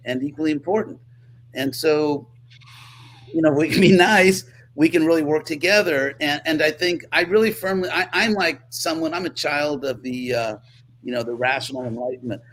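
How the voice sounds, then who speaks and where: A man's voice: on the high side, a bit bright, a little hiss or hum, low-quality recording. A man speaking as an interview guest, earnest and reflective, restarting his sentences often as he searches for words.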